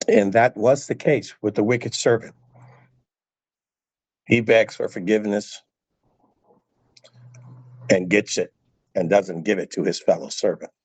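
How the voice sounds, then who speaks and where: A man's voice: on the low side, unhurried, pauses often, husky, no room sound. A male preacher giving a sermon, emphatic and repeating phrases for stress.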